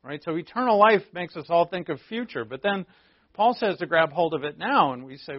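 Fairly quick and with lively intonation, a pastor with a slightly high voice explains a Bible passage in a conversational sermon, dotted with rhetorical asides. There is no room sound, and the audio is dull and lo-fi.

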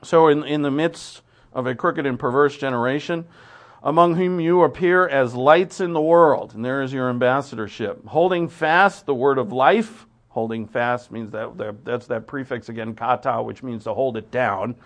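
A male preacher delivering a sermon in a loose, conversational manner. He clears his throat often and leans on everyday fillers and restarts between points. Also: mid-range voice, moderate pace. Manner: informal, with many fillers and restarts.

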